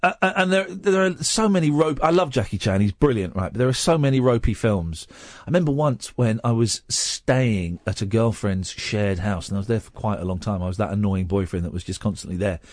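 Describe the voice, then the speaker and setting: Animated, teasing late-night radio host. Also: male voice, on the low side, a little fast, few pauses, no echo. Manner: animated, teasing, talks over callers. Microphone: studio microphone.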